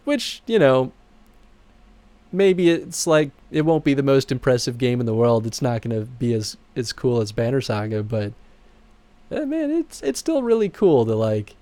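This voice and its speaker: A male streamer and game producer chats with viewers over game credits in a relaxed, rambling way, laughing often. His mid-range voice moves at a normal speed and jumps up when he gets excited. The recording is close and dry, with no room sound.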